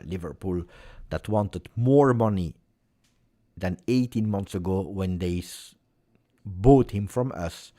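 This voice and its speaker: A man's voice: deep voice, darkish tone. A man hosting a live match watch-along, reacting emotionally and pleading with the players. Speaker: fan channel host.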